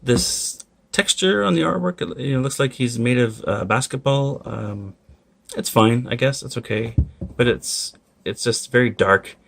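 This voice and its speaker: A man with a gravelly, creaky edge to his mid-pitched voice, talking casually to camera as a toy collector. He airs his complaints frankly, often breaking off to apologize before carrying on. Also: expressive, measured pace, a bit bright. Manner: candid, complaining, apologetic asides. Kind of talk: casual review vlog.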